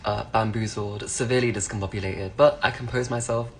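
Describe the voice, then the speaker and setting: A woman's voice: rumbling low, steady tone, fairly quick, slight background noise. A woman with a British accent telling a story to camera, wry and mock-dramatic.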